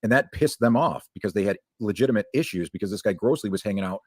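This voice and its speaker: Guy ranting fast in a stream chat, husky low voice, dry sound. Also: no echo. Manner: rapid rambling, many restarts.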